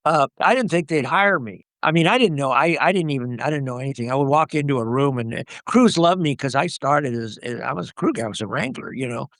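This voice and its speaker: A man's voice: mid-range voice, lively intonation, fast talker, few pauses, fairly bright tone, no room sound, clean studio sound. Older man rambling through anecdotes. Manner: rambling anecdotes with many "you know"s and restarts. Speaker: guest, actor. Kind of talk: casual interview storytelling.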